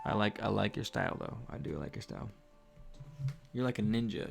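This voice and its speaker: A man's voice: lowish voice, steady tone, a little fast, vocal fry. A man hosting a casual late-night livestream, rambling and joking with frequent giggles. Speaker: channel host. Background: faint music.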